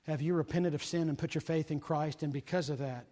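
A man preaching a sermon, earnest and urgent, swinging between loud emphasis and hushed, quiet lines. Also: a little high, fairly even intonation, brisk, in a large hall.

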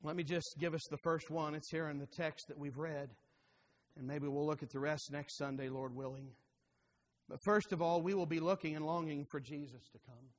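A male pastor preaching a sermon, rising to fervent urging and dropping low and quiet. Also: steady tone, moderate pace, big-room sound.

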